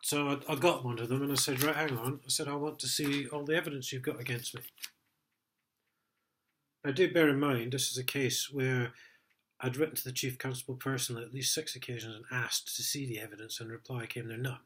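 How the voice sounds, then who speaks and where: A man's voice: mid-range voice, fairly even intonation, fairly quick, a bit bright, a little hiss or hum. A middle-aged man, telling his own story in a sweary, aggrieved, rambling way, full of ums. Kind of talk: casual personal account.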